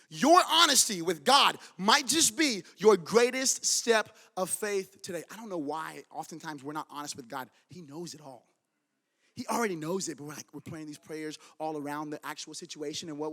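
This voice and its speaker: A man's voice: high-pitched, pushed and bright. A man preaching a sermon as pastor in a church, urging his congregation with fervent conviction. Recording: long reverb of a large church hall.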